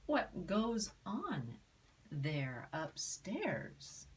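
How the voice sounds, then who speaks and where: A woman voicing a big, kind-hearted male moose in a storybook reading, gentle and patient. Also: fairly low pitch, huge pitch swings, very slow, full character voice. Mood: puzzled.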